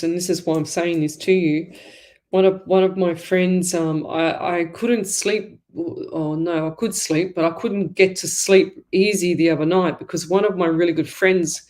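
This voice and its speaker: A woman's voice: fairly low pitch, steady tone, moderate pace, darkish tone. Chatty woman doing psychic readings. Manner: rambling, chatty, many fillers and asides. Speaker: psychic medium host. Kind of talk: live call-in psychic reading show. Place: at home.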